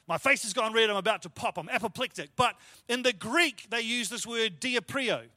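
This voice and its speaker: A man's voice: high voice, sharp tone, no echo. A man preaching a sermon as pastor, explaining scripture in a conversational, emphatic way with lots of repetition. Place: church.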